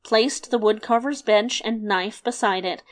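A woman narrating a fairy tale in a lively, expressive storybook reading. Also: a little high, unhurried.

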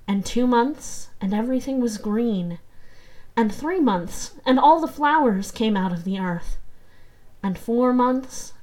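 A woman narrates a fairy tale in a calm, measured storybook voice. Her reading is steady and unhurried. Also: fairly high pitch, low-quality recording.

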